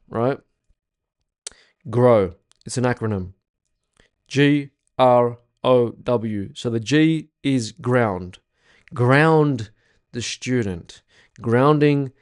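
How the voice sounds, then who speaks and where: A man's voice: medium pitch, a little mellow. A young man teaching a spiritual workshop in a casual, blunt way, swearing freely and repeating his points with emphasis.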